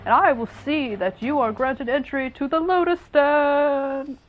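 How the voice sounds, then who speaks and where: A woman voicing a stiff, formal male elf soldier in a game, who shouts every line. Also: sits high, measured pace, voice pushed up. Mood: booming. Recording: dull lo-fi audio.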